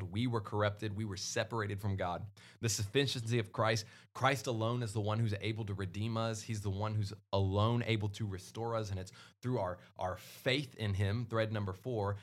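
A man hosting a casual Christian podcast, talking earnestly and hitting his points hard with loud peaks. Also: on the low side. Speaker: podcast host.

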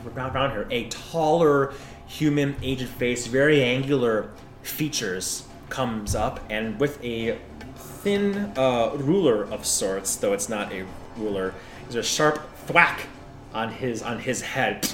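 A man's voice: mid-range voice, animated, slow pace, a bit bright, reverberant, faint music behind. A man narrating as game master in a laid-back way, describing scenes with casual swearing.

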